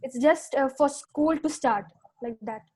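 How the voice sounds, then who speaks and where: Hesitant high-voiced young woman student. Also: unhurried, a little mellow. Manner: hesitant, many fillers.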